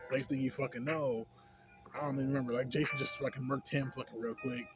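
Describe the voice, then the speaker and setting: A man's voice: medium pitch, fairly even intonation, fast. A man casually rambling through a movie review, slangy and profane, full of filler tags. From a city. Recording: music playing loudly behind.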